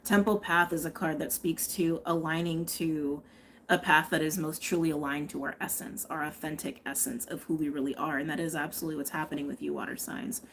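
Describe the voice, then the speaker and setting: A woman's voice: low voice, fairly even intonation, fairly quick, a little hiss or hum. A woman giving a live tarot and astrology reading, chatting and thinking aloud, often checking in with "okay?". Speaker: tarot reader.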